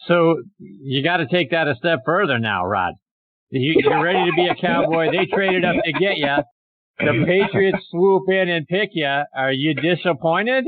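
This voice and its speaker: A man hosting a radio talk show, asking an interview question slowly and deliberately. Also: a little high. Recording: phone-like line, somewhat distant.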